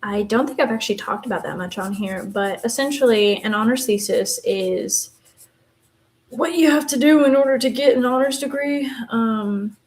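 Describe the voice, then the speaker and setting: A woman's voice: fairly high pitch, normal speed, a little mellow. A woman in her twenties with a West Texan accent, chatting casually and rambling through asides while she colors on a live stream. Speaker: live streamer, university theater student.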